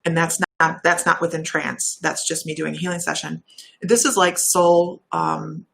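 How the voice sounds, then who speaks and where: A woman giving intuitive readings on a live stream, chatty and warm, laughing at herself and drifting off topic. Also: sits low, steady tone, moderate pace, vocal fry. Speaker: intuitive reader and shaman.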